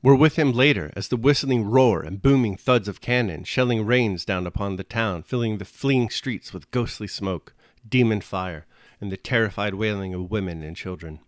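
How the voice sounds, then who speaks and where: A man reading a classic novel aloud in measured, expressive narration, then reflecting on the chapter. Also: lowish voice, dry recording, studio quality. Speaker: reader and commentator.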